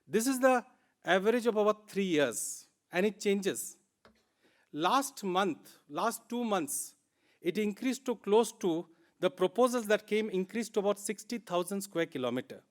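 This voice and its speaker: A man with an Indian English accent giving a plenary conference talk, earnest and emphatic, repeating words for stress. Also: high-pitched. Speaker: conference speaker.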